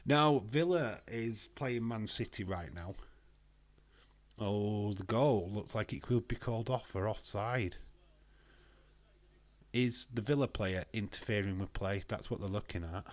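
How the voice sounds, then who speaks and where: A man hosts a live stream, casually chatting and reading viewer comments in an excitable way, laughing and swearing. His voice is lowish and measured, recorded with no room sound.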